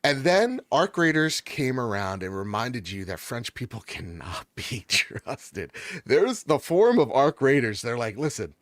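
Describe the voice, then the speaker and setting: A man's voice: medium pitch, very animated, a little slow, a bit bright, no echo. Enthusiastic jokey man, dry sound. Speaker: gaming podcast co-host. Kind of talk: casual chat.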